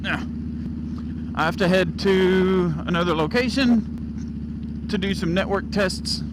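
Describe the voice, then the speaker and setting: Young man motovlogging over loud engine. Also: sits high, slow. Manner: rambling, laughing, swearing at other drivers. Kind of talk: casual motovlog commentary while riding. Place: outdoors on a motorcycle in city traffic. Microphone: helmet mic. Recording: loud motorcycle engine and wind noise. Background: loud engine and traffic noise.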